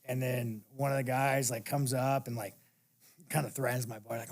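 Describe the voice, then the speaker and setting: Gravelly-voiced man, blunt and profane. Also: mid-range voice, level tone, fairly quick, darkish tone. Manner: laughs while telling stories. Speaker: interview guest. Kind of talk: casual interview chat.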